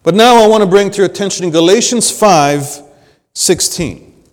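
A male pastor preaching a sermon, swinging between loud emphasis and hushed, low phrases. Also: animated, normal speed. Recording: long hall reverb.

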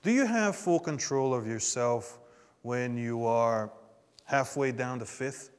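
A man preaching a sermon to a congregation. He swings between quiet asides and emphatic rises, and calls out for responses. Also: medium pitch, animated, slow, clear, resonant tone. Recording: long hall reverb.

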